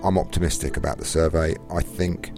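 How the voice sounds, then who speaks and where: A man's voice: very deep voice, fairly even intonation, fairly quick, music in the background. A British man hosting a casual gaming podcast, rambling with frequent restarts. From Britain. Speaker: podcast host.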